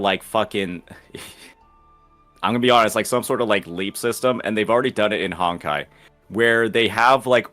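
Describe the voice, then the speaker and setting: Low-voiced man debating casually. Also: fairly bright tone. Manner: rambling, swears, heavy use of "like". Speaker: debate guest.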